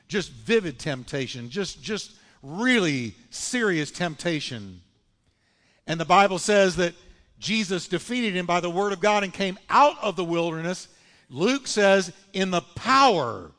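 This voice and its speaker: A male pastor preaches in a high, ringing voice, stretching key words and calling on the congregation to answer. His sermon rings out with a long reverb from a large church hall. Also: fairly bright tone. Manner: preaching with emphatic, drawn-out phrases and call-and-response. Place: church sanctuary.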